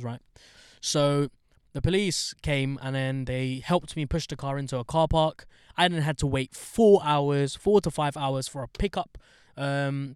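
A young man telling a story in casual chat, animated, swearing and getting heated as he talks. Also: clear, resonant tone, no room sound, clean studio sound. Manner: animated storyteller, swears, gets heated and high when indignant.

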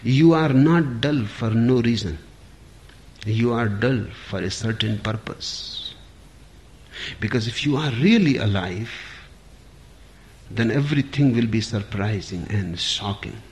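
A man giving a spiritual discourse, speaking in short phrases with long pauses between them. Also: medium pitch, slight background noise. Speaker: spiritual teacher.

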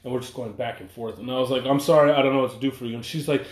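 A man's voice: medium pitch, steady tone, fast, hardly any pauses. A young man in casual podcast chat, telling a profane story and acting out the people in it. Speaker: podcast co-host. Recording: echoey room.

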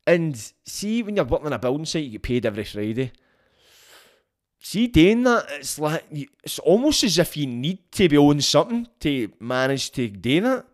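A man's voice: a little high, sing-song, normal speed. A man hosting a solo podcast, talking casually in a blunt, frank way and swearing freely. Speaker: podcast host.

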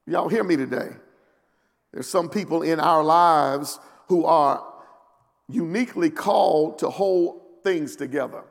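A man preaching a sermon as pastor, swinging between low, quiet passages and loud, climbing peaks, with many amens and repeated words for emphasis. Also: a little slow, creaky. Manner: call-and-response preaching with frequent "amen" and rising shouted peaks. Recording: long hall reverb.

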